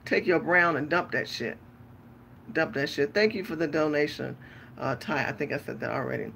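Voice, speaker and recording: A woman's voice: deep voice, normal speed, gravelly, fairly bright tone, a little hiss or hum. A tired woman hosting a late-night livestream rant, talking bluntly with lots of profanity. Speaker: livestream host and pastor.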